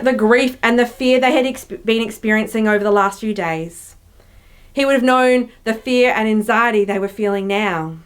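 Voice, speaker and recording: Woman, young adult, high-pitched, youth pastor, conversational sermon, reflective. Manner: conversational, reflective, with playful voiced asides.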